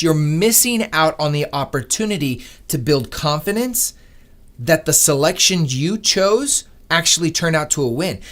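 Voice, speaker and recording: A man hosting a live trading stream, talking to viewers in an earnest, animated, motivational way. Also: a little high. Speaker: day-trading livestream host. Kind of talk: casual livestream talk.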